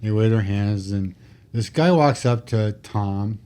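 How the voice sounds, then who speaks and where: A man's voice: fairly low pitch, a little slow, clean tone. A man, a retired police officer, telling stories animatedly and acting out what people said, on a podcast microphone. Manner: animated, acts out quotes, self-described particular. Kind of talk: casual storytelling.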